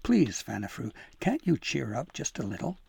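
A man voicing a cheerful, tart female elf helper in a storybook, in a slightly raised, brisk voice. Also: mid-range voice, very animated, vocal fry, a little mellow, husky, no room sound, heavily acted. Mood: coaxing.

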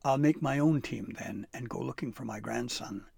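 A man voicing a stubborn, gruff old grandfather who mutters to himself in a storybook. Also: mid-range voice, moderate pace, darkish tone, dry recording, clean studio sound. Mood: defiant.

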